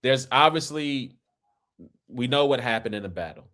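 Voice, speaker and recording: A man's voice: mid-range voice, animated, normal speed, a bit bright. Loose-talking American man from Kansas City. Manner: rambling and loose, with frequent "right?" and "man". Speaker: podcast host. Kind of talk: casual conversation.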